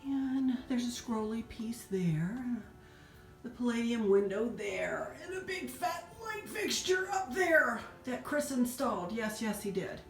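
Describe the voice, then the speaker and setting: A middle-aged woman giving a chatty, sentimental home decor tour with soft laughs. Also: on the high side, sing-song, measured pace. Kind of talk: casual home tour narration. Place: indoors in a house. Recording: roomy echo, faint music.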